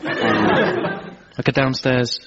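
A man, a poet guest on a comedy show, bantering deadpan. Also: mid-range voice, extremely slow, a loud crowd, very noisy. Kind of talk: comic banter. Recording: dull radio recording with loud audience.

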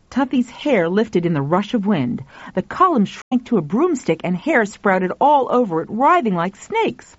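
A woman narrating an audiobook in an expressive, lively reading voice. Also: medium pitch, no echo. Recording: dull lo-fi dry recording.

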